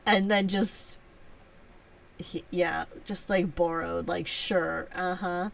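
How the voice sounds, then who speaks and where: A woman's voice: fairly low pitch, moderate pace, creaky, distant mic. Chatty woman hosting a live stream. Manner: chatty, self-teasing, laughs often. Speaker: livestream host. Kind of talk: casual live chat answering viewers.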